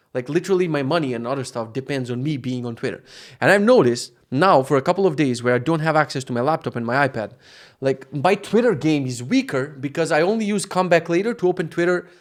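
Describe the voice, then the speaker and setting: A man in his thirties with an Eastern European accent, hosting a casual solo podcast, rambling and swearing, often breaking off mid-sentence. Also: medium pitch. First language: Macedonian. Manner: rambling, profane, self-interrupting. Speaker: podcast host.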